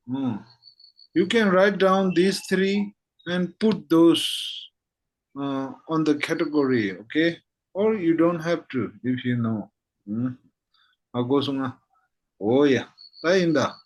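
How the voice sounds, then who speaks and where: Slow, patient male language teacher. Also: on the high side, poor audio. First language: Tibetan. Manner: slow and patient, checks in with "okay? hmm?" after each point. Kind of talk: slow alphabet lesson.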